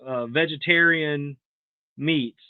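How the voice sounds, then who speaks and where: A man with a Southern US accent tells relaxed, anecdotal stories in a casual chat. His voice sounds thin and tinny, as if on a phone line, with no room echo. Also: a little high, slow pace, clear, resonant tone. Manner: easygoing anecdotal storyteller.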